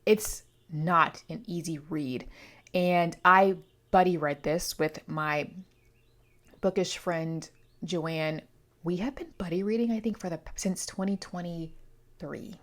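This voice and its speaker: A woman's voice: on the low side, steady tone, takes it slowly. A woman giving a casual, chatty book review on her vlog, rambling with playful asides while congested from allergies.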